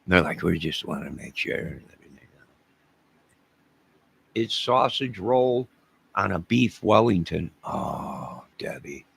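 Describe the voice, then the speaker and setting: A man's voice: deep voice, animated, measured pace, creaky, pauses often, fairly bright tone, slightly rough. A man from the American South hosting a casual live stream, rambling jokily and talking to his chat viewers by name.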